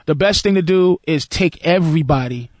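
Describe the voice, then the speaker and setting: A man's voice: on the high side, normal speed, a little mellow, no echo. Blunt, profane male comedian, dry sound. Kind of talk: blunt stand-up talk.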